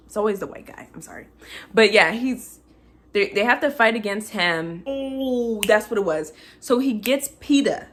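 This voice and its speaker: A woman's voice: medium pitch, animated, normal speed, fairly bright tone, a little hiss or hum. A woman recapping a film in a casual rant, emotional and chatty, laughing between many fillers. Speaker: movie reviewer.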